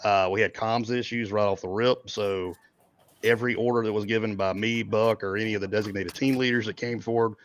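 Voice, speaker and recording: A man's voice: fairly low pitch, steady tone, brisk. A man in his forties chatting casually on a livestream, rambling and chuckling as he talks. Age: 40s. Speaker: event organizer. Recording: dull dry lo-fi mic.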